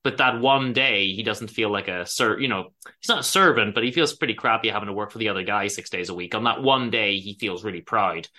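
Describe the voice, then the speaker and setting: A man's voice: fairly low pitch, a little fast. A man co-hosting a casual book podcast, retelling stories with animation and many ums along the way. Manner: animated storytelling, acts out characters; many ums and self-corrections. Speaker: podcast co-host.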